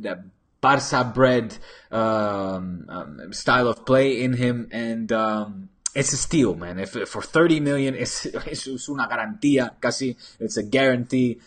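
A man's voice: medium pitch, husky. A man hosting a live football channel, chatting casually, reading viewer comments and rambling with many restarts and stray Spanish phrases, into a desk microphone.

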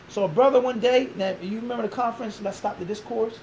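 Man, interview guest, animated storyteller, high voice, rapid delivery. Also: slight background noise, poor audio. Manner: animated storyteller, acts out quoted dialogue, rhetorical questions.

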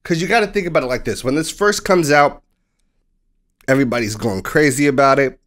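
Male podcast co-host, lively storyteller who acts out quotes, mid-range voice. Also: medium pitch, brisk. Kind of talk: casual sports podcast chat.

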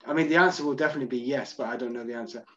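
A man's voice: mid-range voice, racing, fairly bright tone, muffled recording. A man from Scotland hosting an online music tour, chatting loosely as he reads out and answers viewer comments. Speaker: host. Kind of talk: answering live chat questions.

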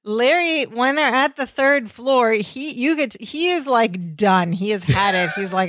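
A woman's voice: a little high, expressive, a little slow, hardly any pauses, a bit bright. A woman co-hosting a podcast, chatting casually and retelling sitcom scenes with quoted lines. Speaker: podcast co-host. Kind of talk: casual chat recapping a sitcom episode.

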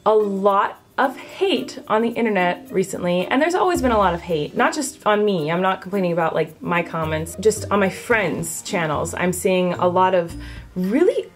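A woman in her twenties chatting casually to camera in a vlog, bubbly and animated, with her pitch jumping up when excited. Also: moderate pace, soft background music. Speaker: vlogger.

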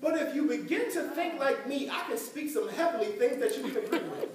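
A high-voiced woman pastor preaches with lively, swooping intonation and frequent laughter. Her voice rings around a big echoey church, picked up from some distance away. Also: brisk, crowd noise. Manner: laughing often, animated, emphatic. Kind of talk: sermon.

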